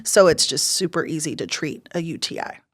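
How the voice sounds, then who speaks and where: A woman with a slightly low voice chats casually on a podcast, full of filler words. She explains things in a loose, conversational way. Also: a little fast. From Hispanic heritage. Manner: chatty, frequent fillers. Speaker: podcast co-host, former clinic worker. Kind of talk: casual chat.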